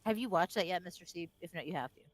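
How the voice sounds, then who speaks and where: A woman's voice: on the low side, expressive, racing, a crowd in the background. A woman with a Maine accent chatting bluntly while gaming, swearing and laughing easily. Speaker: co-player. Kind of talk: casual chat while gaming.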